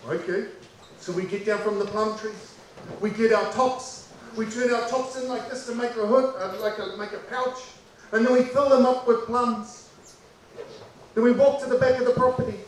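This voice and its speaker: A New Zealand man tells a childhood story with lively repetition and a notably high voice. He sounds far from the mic in a very echoey room. A faint hiss sits underneath. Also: normal speed. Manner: animated, repeating lines for effect.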